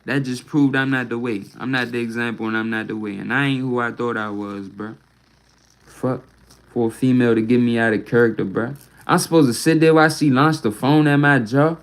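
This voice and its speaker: A man's voice: mid-range voice, brisk, rough recording. Man ranting live from home on his phone, rambling and cussing, closes nearly every line with "bruh.". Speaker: livestreamer. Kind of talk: casual livestream venting.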